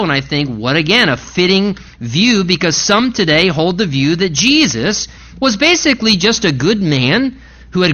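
Male pastor, high bright voice, emphatic sermon delivery with pressing repeated questions. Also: rough recording.

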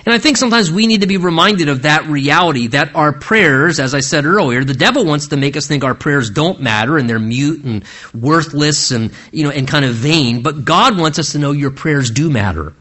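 An earnest man delivering an expository sermon, his voice sitting a little high for a man. He walks through scripture verse by verse, stopping to explain each line and often restarting or repeating words mid-thought. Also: expressive, normal speed, fairly bright tone. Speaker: pastor.

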